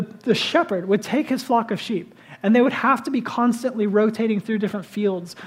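A man preaching a sermon, conversational and animated, often dropping to a hush for emphasis. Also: very high voice. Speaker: pastor.

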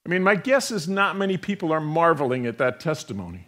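A man preaching a sermon, moving between loud emphatic passages and hushed, soft ones. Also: a little high, big pitch swings, fast. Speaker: pastor.

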